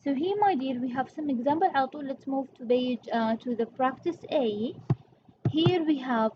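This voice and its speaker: A woman's voice: high-pitched, moderate pace, muffled recording, background noise. A woman English teacher, explaining grammar step by step in a patient way and calling her students "my dear". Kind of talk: classroom revision lesson.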